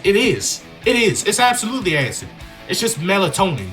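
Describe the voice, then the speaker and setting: Joking, higher-voiced gaming commentator. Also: male voice, sing-song, a little fast, fairly bright tone, soft background music. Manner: joking, slangy, riffing on the story. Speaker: gaming YouTuber. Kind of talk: playthrough commentary with read-out game dialogue.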